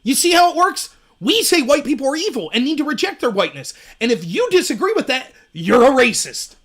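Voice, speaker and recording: A man's voice: sing-song, a little fast, fairly bright tone. A man hosting a solo political commentary livestream, ranting emphatically and mocking opponents while reading out chat messages. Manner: sarcastic, mocks opponents in high shrill voices; reads and answers live chat.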